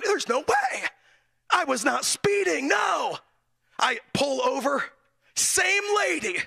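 A man preaching in a church, telling a story with lively delivery, chuckling often and restarting his phrases. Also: high voice. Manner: animated storytelling, frequent chuckles and self-corrections. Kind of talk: storytelling sermon.

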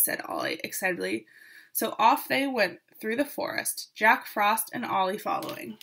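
A woman reading a picture book aloud to children, expressive and with asides to her listeners. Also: medium pitch, moderate pace, creaky, slightly rough. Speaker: storyteller.

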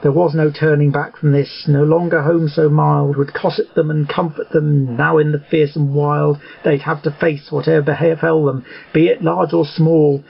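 A man's voice: on the high side, flat delivery, normal speed, vocal fry, few pauses, breathy edge, highs cut off. A man reciting a rhyming epic storybook poem in a rhythmic, ballad-like way. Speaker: narrator.

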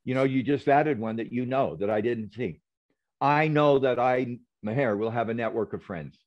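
A man's voice: medium pitch, moderate pace. Earnest man on a muffled call. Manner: earnest, reflective, tells stories with quoted dialogue. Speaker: guest. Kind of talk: interview conversation. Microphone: video call.

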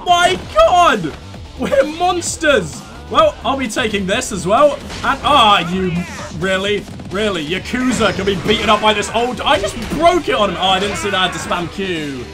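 Over game music, a man with a high voice and lively intonation hosts a let's play at a moderate pace. His gameplay commentary is full of jokes, and he reads the subtitles aloud in silly voices.

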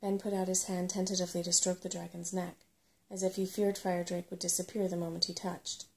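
Gentle woman doing an asmr bedtime story read, soft and slow, a bit of gravel in the voice. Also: lowish voice, little pitch movement, slight background noise. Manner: gentle and unhurried.

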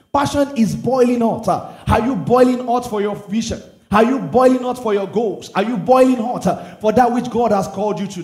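A man's voice: very high voice, darkish tone, reverberant. A man preaching a sermon, earnest and emphatic, asking the listeners questions. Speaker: pastor.

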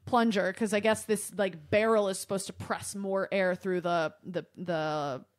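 A young adult woman from Michigan, USA, speaks at a medium pitch and a measured pace. She's a podcast guest telling a comic story in casual chat, swearing freely and sounding animated and exaggerated.

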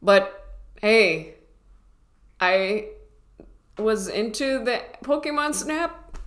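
A woman's voice: on the high side, lively intonation, very slow, long pauses, a bit bright. A woman comedian in her thirties chatting casually to her viewers, rambling and self-mocking, with many restarts. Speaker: comedian vlogger. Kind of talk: casual rambling vlog chat.

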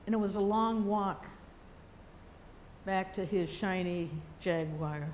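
A woman preaching a sermon, telling a story in a gentle, reflective way. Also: mid-range voice, slow pace, slight background noise.

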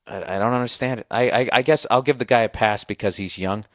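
A man's voice: lowish voice, fast, few pauses, fairly bright tone, no room sound, clean studio sound. Profane ranting man with a sore throat. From United States. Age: 40s. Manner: profane, rambling storyteller, incredulous. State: sore throat, slightly hoarse. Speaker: podcast host. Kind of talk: casual podcast rant.

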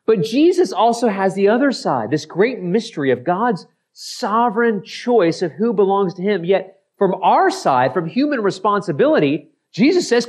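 A man's voice: high voice, big pitch swings, moderate pace, few pauses, darkish tone, breathy edge. A male pastor preaching an expository sermon, acting out skeptical voices and often repeating and correcting himself. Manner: repeats phrases, self-corrects mid-sentence.

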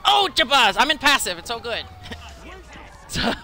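A man streaming an online game, excitable, swearing and laughing often as he plays. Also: extremely high pitch, normal speed, a little hiss or hum. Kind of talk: rowdy live gaming chat.

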